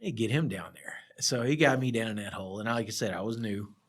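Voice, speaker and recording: A laid-back, middle-aged project surveyor joins a podcast as a guest and tells meandering work stories in a casual chat, often breaking into laughter. His lowish voice has a brisk delivery.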